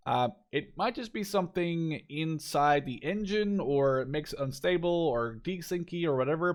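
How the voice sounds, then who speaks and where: Chatty young man giving game commentary. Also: on the high side. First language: not English. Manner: chatty and enthusiastic, with frequent fillers and self-corrections. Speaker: gameplay video creator. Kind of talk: casual game walkthrough commentary.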